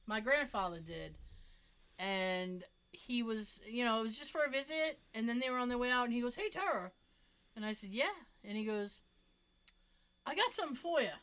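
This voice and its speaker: A woman's voice: on the high side, animated, moderate pace, fairly bright tone. A woman chatting casually, telling funny family stories with lots of swearing and laughter. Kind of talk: casual chat.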